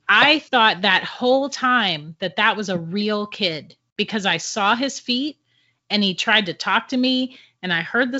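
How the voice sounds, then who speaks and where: Bright-voiced woman telling a ghost story. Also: mid-range voice. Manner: animated, laughs often between sentences. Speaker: podcast guest. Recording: dull lo-fi audio.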